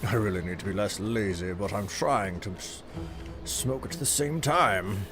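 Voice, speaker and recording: A man's voice: fairly low pitch, a little slow, over music. A man streaming a game, chatting with viewers in a hammy, theatrical put-on British accent that drifts toward Australian, laughing often and mocking himself. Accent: put-on mock British, drifting toward Australian. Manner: laughs often while reading chat. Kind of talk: live gameplay stream, chatting with chat.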